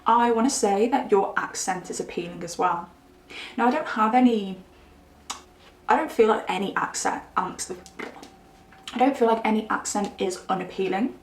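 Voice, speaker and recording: A woman's voice: medium pitch, a little hiss or hum. Woman doing a tarot reading to camera, rambly and musing, bit of room echo. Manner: chatty, musing, many "I wanna say" asides. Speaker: tarot reader. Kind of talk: pick-a-card tarot reading. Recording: roomy echo.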